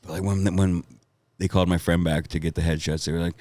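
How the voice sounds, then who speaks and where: A man's voice: deep voice, little pitch movement, quick pace, a little mellow, no room sound. A man telling rambling, profane stories in a casual podcast chat, laughing as he goes. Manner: rambling storytelling, laughs often, swears. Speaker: comedian guest.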